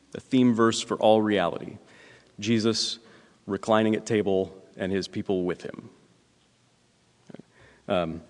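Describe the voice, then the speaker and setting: A pastor preaching a conversational sermon, often asking "right?" and pausing with filler words. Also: male voice, fairly low pitch. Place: church sanctuary. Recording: long hall reverb.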